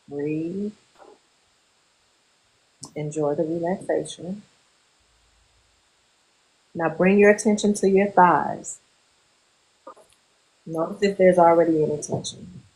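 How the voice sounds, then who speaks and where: Her pitch is on the lower side as she, a therapist, takes a group through guided muscle relaxation. She gives calm, unhurried directions with pauses, and the recording sounds rough.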